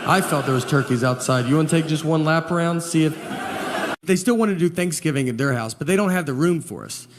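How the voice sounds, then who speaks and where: A man doing stand-up comedy, telling long anecdotes in a low-key, rambling way. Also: brisk, noisy background. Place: comedy stage before a live audience. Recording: live show with audience laughter. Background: audience laughter and room ambience.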